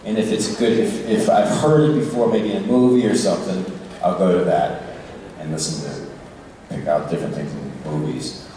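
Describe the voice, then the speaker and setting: A tired man chatting casually as a convention panel guest, relaxed and quick to laugh. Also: sits low. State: tired, short on sleep. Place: large convention hall. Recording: echoey hall recorded from far off.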